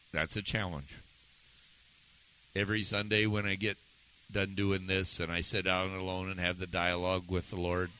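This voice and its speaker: In a sharp-toned voice, a man preaches as if in conversation, regularly questioning his listeners and swinging his pitch to emphasize things. He is a pastor, and the recording quality is low.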